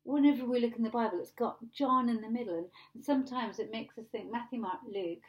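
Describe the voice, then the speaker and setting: A woman pastor preaching a sermon in a conversational, animated way, retelling scripture like a story. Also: a little high, fast, highs cut off.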